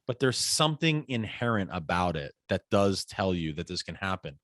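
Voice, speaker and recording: Male podcast guest, forties, low-pitched, dry close sound, animated raconteur. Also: normal speed, no room sound. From United States. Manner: animated storyteller, acts out quoted voices. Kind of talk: casual interview conversation.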